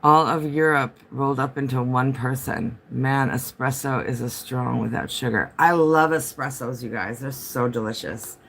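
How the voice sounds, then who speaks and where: A man's voice: medium pitch, moderate pace, creaky, hardly any pauses, a bit bright. A man chatting casually on a home livestream, rambling from topic to topic and answering viewer comments as they come in.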